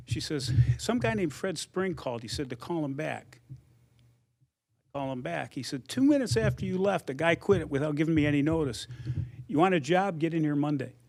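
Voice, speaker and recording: A man's voice: on the high side, lively intonation, normal speed, gravelly, a little mellow. An older man giving an anecdotal acceptance speech, telling his story conversationally and acting out quoted dialogue. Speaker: hall of fame inductee.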